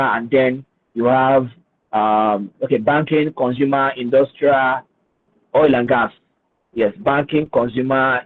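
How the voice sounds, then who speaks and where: A man speaking as a finance guest on a webinar, hesitant and repeating words, then explaining with emphasis. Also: mid-range voice. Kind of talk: webinar talk with screen share. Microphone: video call. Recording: husky voice over a tinny phone-like line.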